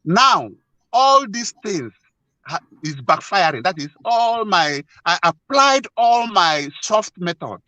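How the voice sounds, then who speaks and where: A man earnestly telling a personal story as a guest, halting and repeating himself often. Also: high voice, big pitch swings, sharp tone, no room sound, rough recording. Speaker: guest sharing a marriage problem.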